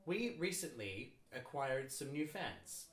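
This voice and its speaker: Excitable male podcast host. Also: medium pitch, echoey room. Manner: excitable, quick bursts, lots of laughing. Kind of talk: casual chat.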